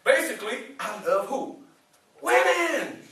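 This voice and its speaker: A high-voiced man with a bright, ringing tone gives a playful call-and-response talk to students. He keeps firing questions at the crowd. The sound is very echoey, picked up from far across the room. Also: sing-song, measured pace, a little hiss or hum. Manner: playful, teasing, asks the audience questions and laughs often. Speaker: motivational speaker. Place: indoor room with a student audience.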